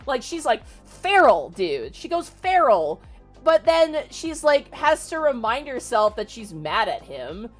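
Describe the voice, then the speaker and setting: A young woman streamer casually retelling a novel for her chat, animated and exasperated, swearing freely. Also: sits high, unhurried. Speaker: VTuber streamer. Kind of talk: casual livestream book retelling. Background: faint music.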